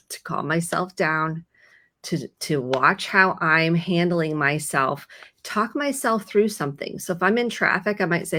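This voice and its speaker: Speaking in a lowish voice, a therapist in middle age gives soothing, reassuring guidance in a conversation, easing her pace as she coaches.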